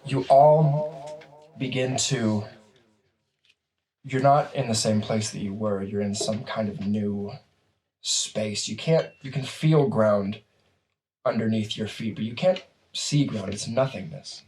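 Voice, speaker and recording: A man narrating a tabletop game as game master, slow and relaxed with frequent fillers. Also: on the low side, slight background noise, low-quality recording.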